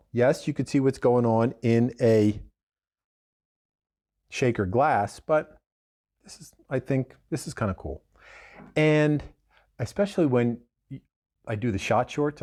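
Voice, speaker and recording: A man's voice: mid-range voice, warm tone. Chatty man demonstrating cocktails. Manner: chatty, digressive, self-correcting. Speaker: bartender host.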